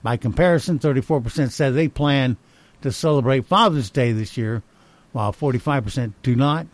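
Hosting a radio show at normal speed, a man with a mid-range voice reads poll results and fun facts in casual banter. He stays wry with dry little asides, and there's no room sound.

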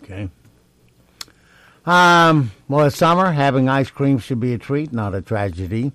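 A man hosting a talk show, introducing comedy clips in a relaxed, chatty way. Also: mid-range voice, unhurried, no echo. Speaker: radio host.

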